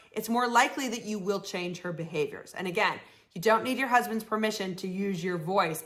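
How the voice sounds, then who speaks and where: A woman life coach hosting her show, giving advice to viewers and acting out phrases they could say. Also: mid-range voice. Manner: warm coaching tone, acts out sample phrases.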